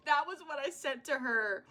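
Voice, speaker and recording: A young woman vents in a bright, clear voice, her exasperation spilling out in an animated vlog monologue. Faint music plays softly behind her. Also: medium pitch. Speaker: vlogger.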